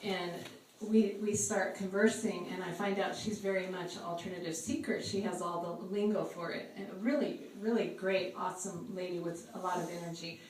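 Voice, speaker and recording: A woman shares a church testimony before a group, pausing often with ums as she speaks. She is recorded on a phone from some distance in an echoey room. Faint room noise sits behind her. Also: on the low side, steady tone, darkish tone. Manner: halting, with frequent ums. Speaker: church ministry volunteer sharing testimony. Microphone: phone recording from across the room.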